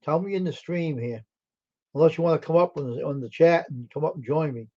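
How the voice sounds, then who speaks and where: A man on his live stream reads viewers' messages and answers them aloud, easygoing, slightly weary, yawning and tired, yet brisk in delivery. His voice sits a bit high but sounds mellow and soft-edged. The dull, lo-fi audio suggests a basic streaming mic.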